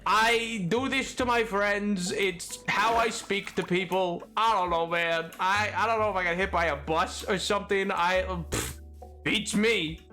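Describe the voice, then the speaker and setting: Streamer rambling slow and playful, old-timey slang, faint music behind. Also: mid-range voice, bright, forceful tone. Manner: laughs often, rambles. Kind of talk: casual live-stream chat while gaming.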